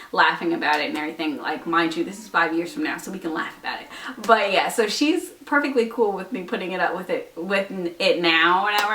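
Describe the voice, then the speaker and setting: A woman's voice: mid-range voice, a bit bright. Chatty giggly young woman in echoey room. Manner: chatty, giggly, lots of likes and ums. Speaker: vlogger. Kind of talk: casual storytime. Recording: echoey room, mic a bit far.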